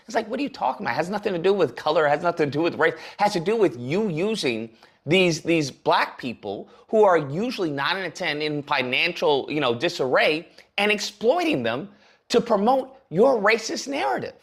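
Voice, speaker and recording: A man's voice: high-pitched, big pitch swings, brisk. A man giving heated, sarcastic commentary on a livestream, ranting at length. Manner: heated, sarcastic, speaks in long rants. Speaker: political commentator.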